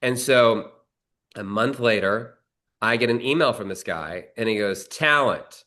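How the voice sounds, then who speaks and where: A man's voice: fairly low pitch, a little slow, a bit bright. A male screenwriter telling a long anecdote in a casual, rambling way, with frequent restarts and some swearing. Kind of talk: conversational storytelling.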